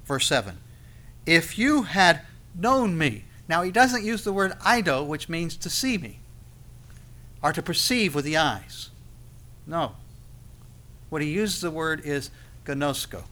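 A man preaching a sermon with a bright, forceful voice that sits a little high. He swings between loud, emphatic peaks and quiet, intimate stretches, stopping now and then to act out the people he quotes. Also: lively intonation, measured pace, pauses often.

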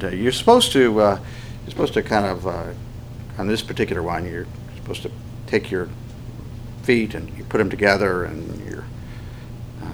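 A male pastor with a fairly low voice preaching a sermon. His delivery is conversational, like he is telling a story, with frequent fillers and pauses. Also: slight background noise.

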